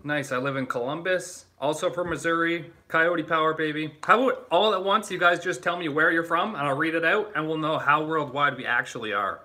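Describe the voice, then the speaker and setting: Bright-voiced young man on a casual livestream. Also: on the high side, fairly quick, few pauses. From Canada. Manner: loose and joking, swears freely, laughs often. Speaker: YouTuber hosting a livestream. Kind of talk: casual livestream chat reading viewer comments.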